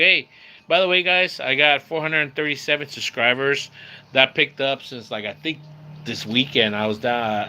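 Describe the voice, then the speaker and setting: A man's voice: mid-range voice, sharp tone. A man from San Diego, hosting a casual livestream and chatting with viewers in a laid-back way, calling everyone bro and dude. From San Diego, California. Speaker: livestream host. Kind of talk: casual live-stream chat with viewers. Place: at home near a screen door.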